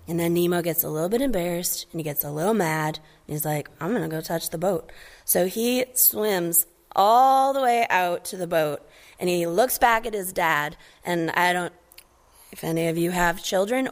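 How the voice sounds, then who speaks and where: A woman preacher giving a conversational sermon, reading scripture and retelling a story with animation. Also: on the low side.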